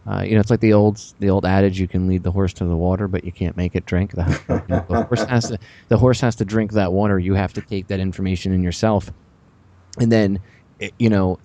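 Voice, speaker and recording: A man hosting a radio talk show, rambling with sarcastic, animated asides. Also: deep voice, dull audio.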